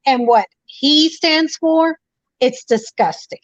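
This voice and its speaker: A woman's voice: high voice, normal speed, fairly bright tone, no echo. A woman calling in to a talk show, speaking with preachy emphasis and repeating her points. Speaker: caller. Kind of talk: impassioned call-in talk. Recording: dull lo-fi phone line.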